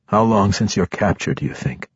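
A man plays a troubled dark elf ranger in an audiobook, earnest and questioning. The voice is deep and husky, close and dry. The sound is dull and lo-fi. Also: lively intonation, normal speed, dry recording, full character voice. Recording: dull lo-fi recording.

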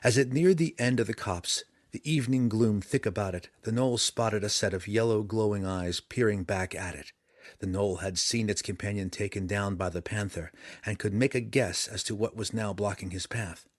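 A man with a fairly low voice narrates a fantasy audiobook. His reading is measured and dramatic, paced for storytelling. The sound is close and dry, with no room around it. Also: no echo.

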